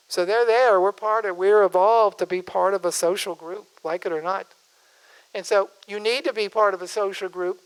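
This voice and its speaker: A man's voice: sits high, clean tone, low-quality recording. An older man, a physician, giving a conversational public speech in a folksy way, wandering off on asides and restarting his sentences. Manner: folksy, digressive, self-interrupting.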